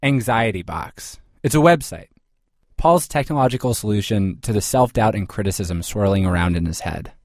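A man narrating a scripted radio story with a wry, crisp delivery. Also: fairly low pitch, lively intonation, moderate pace, a little mellow, no room sound, studio quality. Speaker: podcast host reporter.

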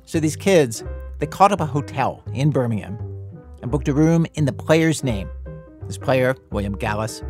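A man hosting a radio documentary show, delivering scripted narration in a measured, dry, conversational way. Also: medium pitch, lively intonation, a little mellow, soft background music.

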